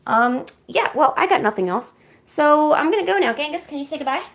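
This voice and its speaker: A woman streamer chats to her cats between drawing sessions, coaxing and teasing them. Her voice sits high and swings widely, with a gravelly fry in the quieter moments. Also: lively intonation, a little fast. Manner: coaxing and playful with pets, soft asides. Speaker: art streamer.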